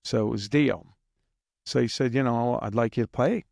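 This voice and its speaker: A man's voice: mid-range voice, normal speed, creaky, darkish tone, no echo, studio quality. A man guest on an interview, rambling through anecdotes and sometimes mimicking drum beats in a casual, chuckling way. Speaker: guest drummer.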